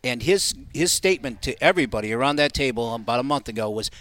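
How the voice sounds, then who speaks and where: Man who's got a business, radio guest, talkin up the product fast n eager. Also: mid-range voice, animated, fairly bright tone. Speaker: awning company guest. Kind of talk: casual radio chat.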